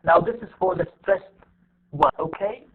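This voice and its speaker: A high-voiced man teaching English online, whose first language is Arabic, speaks at a moderate pace through a tinny line. His lecture is repetitive and step-by-step, thick with fillers.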